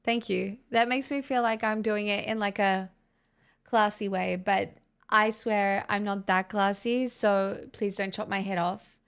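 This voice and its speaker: A woman's voice: mid-range voice, fairly even intonation, a little slow, clean tone. A young woman livestreaming and chatting casually with her viewers in a playful, giggly, teasing way.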